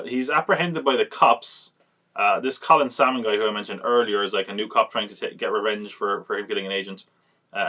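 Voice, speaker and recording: A man's voice: mid-range voice, fairly bright tone. A man hosting a podcast, reviewing films in casual chat, rambling and acting out quotes as he retells scenes. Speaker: podcast host.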